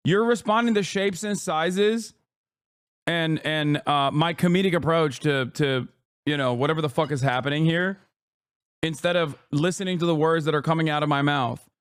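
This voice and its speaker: A man's voice: on the high side, moderate pace, clean tone. A man in his thirties giving sarcastic, combative stream commentary and swearing often.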